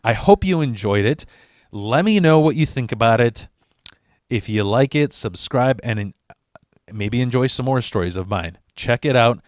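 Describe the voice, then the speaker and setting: A man's voice: mid-range voice, expressive, normal speed. A man casually telling a story on his vlog in a crude, profanity-laden way. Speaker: vlogger.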